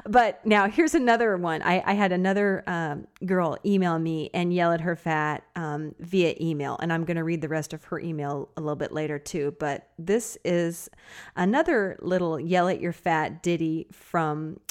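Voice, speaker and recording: A woman host with a lowish voice chatting in a loose, giggly way, often breaking into laughter mid-sentence. She also reads listener emails aloud in the same easy tone. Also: steady tone, moderate pace. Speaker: podcast host. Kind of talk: casual chat and reading listener emails.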